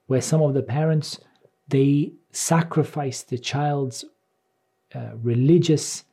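A man giving a religious lecture. He reads lines of Arabic, then translates and explains them in English at a measured pace, repeating phrases as he goes. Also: mid-range voice, warm tone, breathy edge. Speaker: Islamic teacher.

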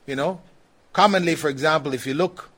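A male Islamic teacher lecturing a small class in an easy, chatty way. His voice sits a little higher than most men's, and he laughs lightly and often says "you know" as he explains. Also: brisk, a bit bright. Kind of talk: religious lecture with questions.

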